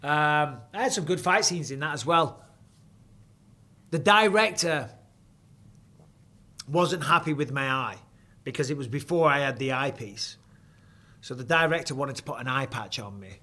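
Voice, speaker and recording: A middle-aged man hosts a live fight stream in casual commentary. He talks bluntly and swears freely, with an easy, chatty manner. His voice sits a little high for a man. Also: unhurried, long pauses, pushed and bright. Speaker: host.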